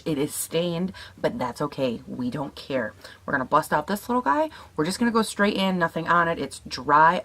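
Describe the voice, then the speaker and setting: A young woman with a raspy morning voice, chatting casually as she tests makeup, swearing now and then and laughing at herself. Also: deep voice, a bit bright. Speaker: beauty vlogger. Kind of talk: casual makeup tutorial chat.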